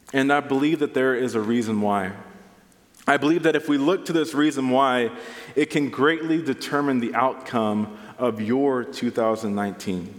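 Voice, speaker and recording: Man preaching in a reverberant hall. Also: medium pitch. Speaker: pastor. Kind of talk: sermon.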